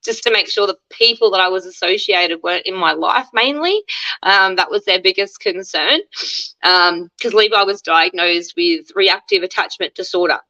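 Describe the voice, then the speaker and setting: A woman in her thirties with an Australian accent shares her life story in a chatty, candid interview. Her voice sounds bright and forward, and she acts out the lines she quotes. The recording is a little dull and lo-fi. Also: on the low side, moderate pace. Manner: chatty, acts out quoted dialogue, laughs often.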